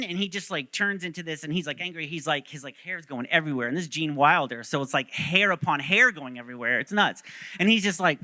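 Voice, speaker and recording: A man's voice: on the high side, fast talker, sharp tone, dry recording. A male pastor preaching a sermon, telling stories animatedly and joking with the congregation.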